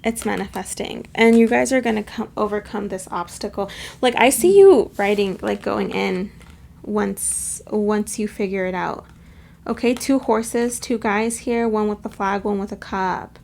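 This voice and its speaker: A woman's voice: mid-range voice, steady tone, unhurried, vocal fry, darkish tone. A woman giving a casual pick-a-card tarot reading, chatty and gushing, with lots of fillers and affectionate asides. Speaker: tarot reader.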